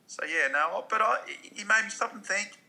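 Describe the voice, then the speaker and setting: A man's voice: high voice, normal speed, vocal fry, sharp tone. A man co-hosting a podcast with laid-back, jokey banter. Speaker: podcast co-host. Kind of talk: casual podcast chat.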